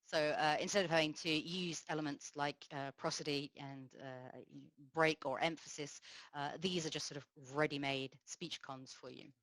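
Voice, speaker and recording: A woman giving a technical conference talk, explaining in a measured way with frequent pauses and fillers. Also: low-pitched, fairly even intonation, fairly bright tone, dry recording, rough recording. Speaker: conference speaker.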